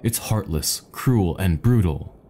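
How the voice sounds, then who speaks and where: Outraged, shrieking animal lover in a spoken fable, read by a man, dark tone. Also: low-pitched, expressive, slow pace, a little hiss or hum. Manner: screaming, outraged.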